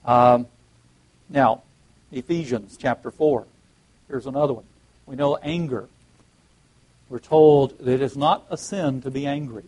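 Man preaching, pausing to restart phrases. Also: medium pitch, darkish tone, poor audio. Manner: reads scripture aloud with emphatic rises, frequent restarts. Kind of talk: sermon.

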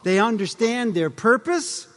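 A middle-aged man gives a talk to a live audience, asking rhetorical questions and adding wry asides. His voice sits high for a man. Long reverb from a large hall trails after each phrase. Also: animated, a little slow. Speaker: speaker addressing an audience.

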